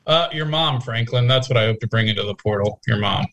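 A man's voice: mid-range voice, normal speed, a bit bright. A man co-hosting a casual podcast chat, teasing and joking, laughing often. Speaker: podcast co-host.

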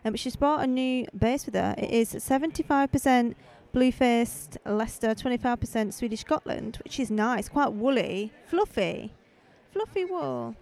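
A woman's voice: a little high, lively intonation, moderate pace, gravelly, darkish tone. A woman hosting a casual live podcast as she walks around festival stalls outdoors, chatting in a rambling, friendly way into a handheld microphone. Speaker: podcast host.

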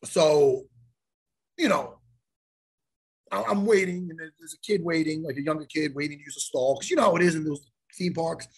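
A man hosting a podcast, telling a story in a profane, animated way and acting out the lines of the people in it. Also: on the high side, moderate pace, breathy edge. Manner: profane, animated storyteller who acts out quotes. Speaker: podcast host. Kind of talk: casual storytelling chat.

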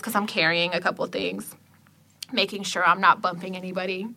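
Bright, animated, foul-mouthed Californian woman. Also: brisk. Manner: animated, swears constantly, acts out quotes with big pitch jumps. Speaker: podcast co-host telling a story. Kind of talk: casual storytelling chat, profane.

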